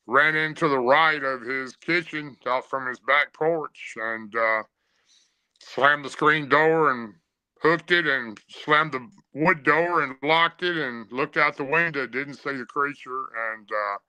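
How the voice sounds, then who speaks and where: A man, a podcast guest telling a first-person encounter story in a plain way, pausing often on "uh". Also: mid-range voice, pushed and bright, clean tone, no echo, rough recording. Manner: plain storyteller with frequent "uh" pauses.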